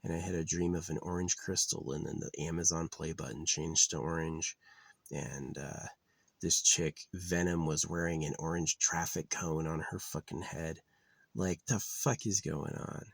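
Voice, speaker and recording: Low creaky-voiced man rambling. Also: fairly even intonation, normal speed, no echo. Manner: profane, rambling, trails off into mutters. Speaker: vlogger. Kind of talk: rambling casual monologue. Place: outdoors in nature.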